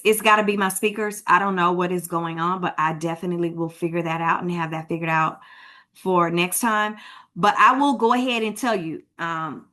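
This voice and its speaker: Texan woman broker, bright and chatty, teaching a homebuying class over a video call. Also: lowish voice. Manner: chatty and informal, thinks aloud while fixing tech. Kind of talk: live online class. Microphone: computer mic on a video call.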